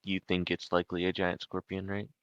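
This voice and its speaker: A man's voice: sits low, monotone, brisk, a bit bright, smooth, no room sound, muffled recording. A man narrating as game master of a tabletop game, rambling and restarting his sentences.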